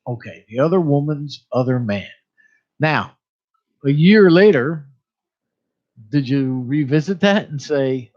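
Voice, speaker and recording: A man's voice: mid-range voice, a little slow, a little mellow. A man hosting a radio show, chatting casually with a guest, laughing often and stumbling over names. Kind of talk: casual radio interview chat. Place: radio studio. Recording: dull lo-fi radio broadcast.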